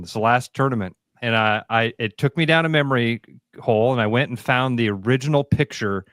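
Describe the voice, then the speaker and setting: A man's voice: medium pitch, fairly bright tone, smooth, no echo, studio quality. A man in his forties co-hosting a sports radio show, talking in an earnest, emotional, casual way.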